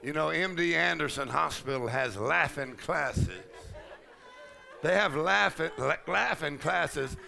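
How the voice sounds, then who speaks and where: In a large conference hall, a pastor with a gravelly, fairly high voice preaches a charismatic sermon at a slow pace. He shouts, laughs loudly, and speaks in Southern colloquialisms.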